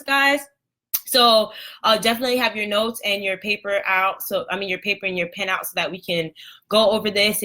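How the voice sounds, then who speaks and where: A young woman with a scratchy throat teaching trading basics on a live stream, chatty and apologetic, clearing her throat often. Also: mid-range voice, bright, forceful tone. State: hoarse, throat irritated after a run. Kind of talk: casual live lesson.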